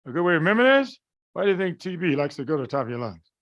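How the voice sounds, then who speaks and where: Fairly high-voiced man lecturing a class. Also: big pitch swings, very fast, fairly bright tone, muffled recording. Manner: keeps checking the class understands, asks rhetorical questions; colloquial, folksy phrasing. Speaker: medical lecturer.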